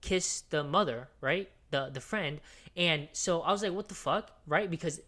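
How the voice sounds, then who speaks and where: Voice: mid-range voice, normal speed, sharp tone. A podcast co-host giving a long, rambling movie recap that is full of swearing, fillers and restarts. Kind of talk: casual podcast chat.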